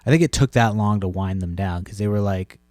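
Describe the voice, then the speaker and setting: Podcast host with a chest cold, a low-pitched man in his thirties telling a rambling, cursing story, dry close mic. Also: brisk, a little mellow, no room sound. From Massachusetts, USA. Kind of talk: casual rambling monologue.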